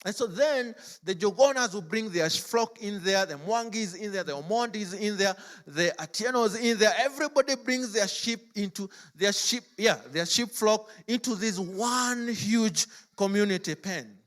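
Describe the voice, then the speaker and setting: A man's voice: high-pitched, moderate pace, fairly bright tone. A man preaching a sermon in a church, telling stories in a chatty way full of "like" and "as it were". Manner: chatty storytelling, frequent "like" and "as it were". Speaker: pastor.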